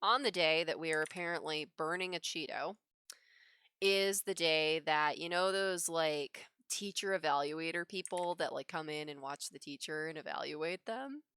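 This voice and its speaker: Woman, lower-pitched voice, bright forceful tone, laughs between phrases, casual storytelling. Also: normal speed, clean tone, dry recording, clean studio sound. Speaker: livestreaming digital artist. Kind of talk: casual storytelling while drawing. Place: home drawing setup.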